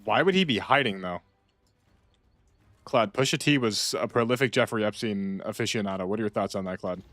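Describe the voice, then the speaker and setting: A man chatting casually while playing a game, rambling and repeating himself, with sudden loud outbursts. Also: on the low side, a little fast, no echo. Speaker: gaming streamer. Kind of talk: casual gameplay chat.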